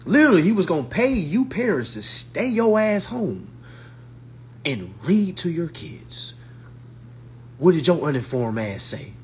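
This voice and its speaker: A man's voice: a little high, very animated, a little slow. A man in a profane, mocking monologue to his followers, using blunt slang and repeating his retorts. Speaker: social media commentator.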